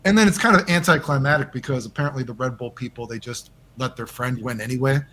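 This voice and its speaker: A man as the guest in a casual interview over a call, rambling and animated and swearing often. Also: medium pitch, fast, slight background noise.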